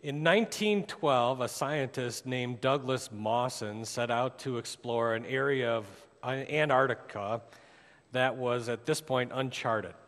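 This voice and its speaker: A man, a pastor, preaching a sermon and telling a story with dramatic rises and hushed drops. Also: a little slow. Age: adult with a daughter. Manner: storytelling preacher, rising for drama, dropping low for emphasis. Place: church sanctuary. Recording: long church hall reverb.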